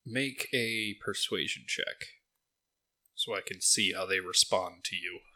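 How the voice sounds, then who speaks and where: Man game master, steady descriptive narration, deep voice, bright tone. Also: measured pace.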